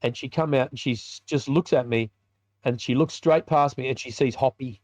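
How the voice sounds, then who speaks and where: A man's voice: medium pitch, normal speed, darkish tone, no echo. An Australian man, a biker ministry leader, telling a personal story in a podcast interview in a colloquial, vivid way and acting out the dialogue.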